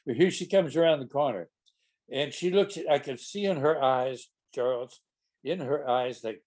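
A man's voice: mid-range voice, moderate pace, darkish tone. An older man, a stage actor, telling a rambling, amused backstage anecdote with frequent restarts. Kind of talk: casual anecdotal storytelling.

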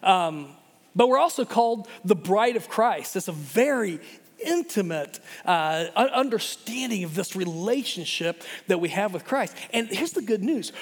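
A middle-aged man preaching a sermon in an animated way, often repeating words and restarting. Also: high-pitched, a little slow. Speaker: pastor. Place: church hall. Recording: long hall reverb.

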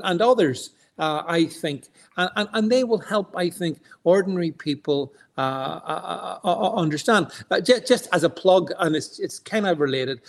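A man's voice: fairly high pitch, creaky. A man co-hosting an online stream, talking emphatically with many stammered restarts. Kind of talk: casual political chat.

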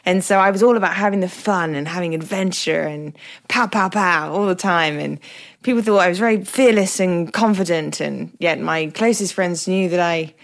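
A woman with an English accent talks alone into her podcast, candid and reflective, poking fun at herself as she goes. Her voice sits a little lower than most women's. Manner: reflective, candid, self-deprecating humour. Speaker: podcast host. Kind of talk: solo podcast monologue.

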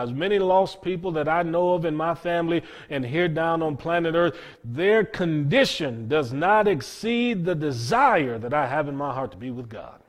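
A man preaching a sermon in an earnest, emphatic way, with dramatic pauses and repeated words. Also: fairly high pitch.

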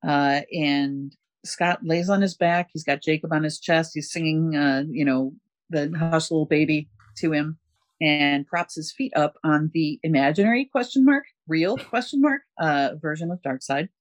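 A man's voice: on the high side, normal speed, no room sound. A man casually recapping a story, rambling with many fillers and chuckles. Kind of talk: casual comic book recap.

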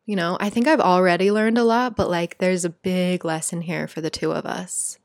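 This woman's voice is fairly low, with fairly even intonation and a normal speaking speed. She shares a reflective spiritual monologue in an earnest, emotional, conversational way, heartfelt and full of "like"s, recorded in studio quality with no room sound.

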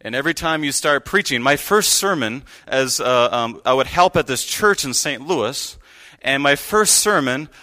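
Bright-voiced man preaching. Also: medium pitch, animated, normal speed. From United States. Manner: conversational, earnest storytelling with asides. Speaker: guest preacher. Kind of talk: sermon. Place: church pulpit.

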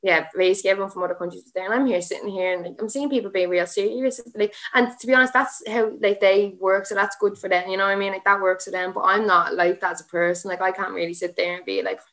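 A young woman with an Irish accent tells her story in a casual podcast chat. She talks very quickly and keeps piling on "like", breaking off with laughing asides as she goes. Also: medium pitch, steady tone, a bit bright. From Ireland. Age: young adult. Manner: rambling, lots of "like", laughing asides. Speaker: guest, MMA fighter.

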